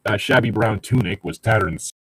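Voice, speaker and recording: A man's voice: on the low side, brisk, slightly rough, no echo. A man co-hosting a comedy podcast, reading a story aloud and mocking it in an exasperated, profane way. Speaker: podcast co-host.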